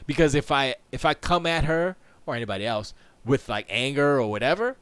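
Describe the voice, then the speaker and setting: A man's voice: mid-range voice, lively intonation, brisk, fairly bright tone, clear, resonant tone, no echo. Man, live-stream host, rambling casual chat, often laughing, dry close sound. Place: home studio.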